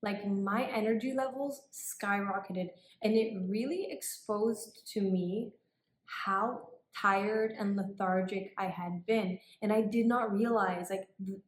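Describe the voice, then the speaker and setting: Woman vlogger, casual storytelling, filler-heavy, mid pitch, roomy echo. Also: slow, slight background noise. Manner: chatty, many "like" and "um" fillers, animated retelling.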